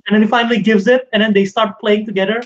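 Animated laughing male podcast host. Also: high-pitched, fast. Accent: Indonesian. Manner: animated, laughing, swears when moved. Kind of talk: casual chat. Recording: dull lo-fi sound.

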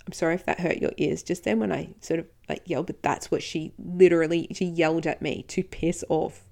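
A woman with a low, gravelly voice tells a personal story on her podcast. She acts out each exchange and slips into a hushed whisper at tense moments. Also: steady tone, a little fast, hardly any pauses. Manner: recounting events, quoting others in dialogue, occasional whispering. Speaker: podcast host.

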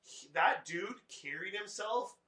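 A man's voice: sits high, expressive, measured pace, pushed and bright, echoey room. A man chatting casually as a podcast co-host in a small studio, rambling with lots of "like". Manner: rambling, many "like" fillers. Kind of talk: casual chat.

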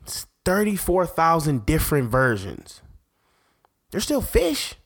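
A man, a parent, hosting a faith podcast in an excitable, rambling monologue that keeps interrupting itself. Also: fairly high pitch, takes it slowly. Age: adult parent. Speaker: podcast host.

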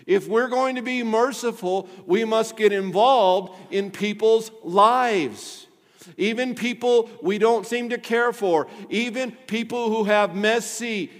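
A man's voice: fairly high pitch, big-room sound. A male pastor preaching a sermon with emphatic delivery, putting rhetorical questions to his congregation.

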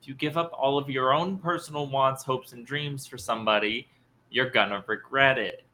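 A man's voice: medium pitch, steady tone, moderate pace, sharp tone, a little hiss or hum. A man co-hosting a casual book discussion podcast, talking through the story thoughtfully. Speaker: podcast co-host.

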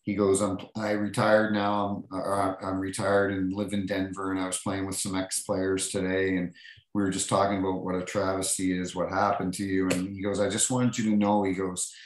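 Low-pitched man, middle-aged, roomy sound, chatty storyteller acting out quotes. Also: moderate pace. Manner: animated anecdotes, acting out quotes, many restarts. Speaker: podcast guest, former hockey referee. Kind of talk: casual storytelling.

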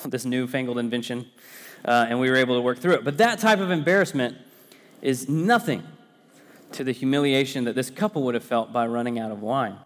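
A man's voice: medium pitch, in a large hall. A man, a pastor, giving a conversational sermon full of personal stories, with frequent fillers and restarts.

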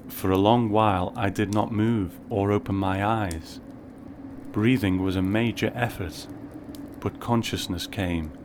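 A man narrating a first-person story in a measured, wry way. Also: on the low side, background noise.

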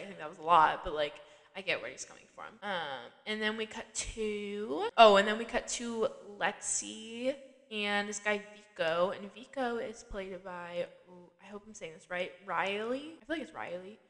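A female podcast host casually recaps a TV episode, chatting away with frequent "like" fillers and quick bursts of laughter. Her middle-pitched voice is followed by a long, trailing reverb.

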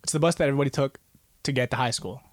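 A young man, telling a story to friends in casual chat. His voice jumps high when he acts out quotes. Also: racing, no echo, clean studio sound.

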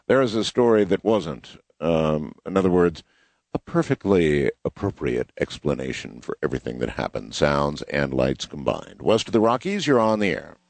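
A very deep-voiced man hosts a late-night call-in radio show. His pitch swings widely as he reacts to callers. The sound is dry and close. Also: big pitch swings, normal speed, gravelly, darkish tone, no echo. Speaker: radio talk show host.

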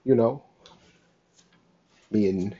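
A young man talking in a raw, halting, emotional confessional monologue, cursing often. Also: on the low side, warm tone, husky. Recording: dull lo-fi sound.

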